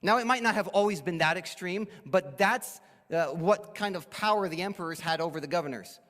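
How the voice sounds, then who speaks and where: A man's voice: high voice, fairly quick, a bit bright. Man preaching in a reverberant church. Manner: expository preaching, acts out quoted speakers. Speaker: pastor. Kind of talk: sermon. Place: church sanctuary. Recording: long church hall reverb.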